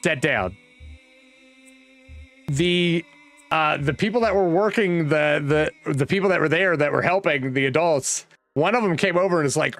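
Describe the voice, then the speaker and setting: A man's voice: fairly high pitch, moderate pace, fairly bright tone. A man from Virginia, casually telling a rambling childhood story with restarts and asides. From West Virginia, USA. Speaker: vlogger. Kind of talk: casual storytelling while browsing a map.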